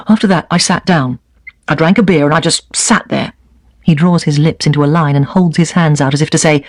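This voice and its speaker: A man reading a first-person memoir aloud at a steady, even pace. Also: a little high, a little fast, no echo. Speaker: reader of a set text.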